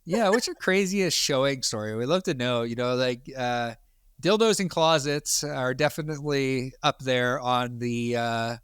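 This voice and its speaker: Smooth-voiced emphatic male co-host. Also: medium pitch, a little slow, a bit bright, no room sound, clean studio sound. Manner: emphatic, repeats points with stammered restarts. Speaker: podcast co-host. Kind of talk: casual chat.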